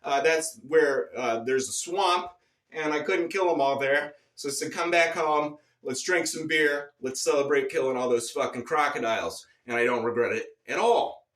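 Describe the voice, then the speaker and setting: A man telling a rambling, profane and boastful absurd story in a deadpan comic monologue. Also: a little high, normal speed, roomy sound, recorded from a distance. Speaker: comedic storyteller.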